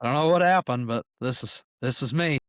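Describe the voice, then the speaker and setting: A man's voice: mid-range voice, a little fast, no echo, studio quality. A man from northwest Ohio with a Southern US accent, co-hosting a podcast in blunt, profane casual chat. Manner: blunt and profane, with laughing asides. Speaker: podcast co-host.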